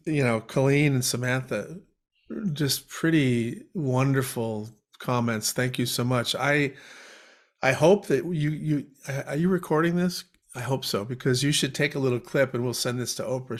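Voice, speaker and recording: A man speaking as guest author on a webinar video call, moved and tearing up, talking haltingly with restarts. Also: mid-range voice. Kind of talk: webinar talk.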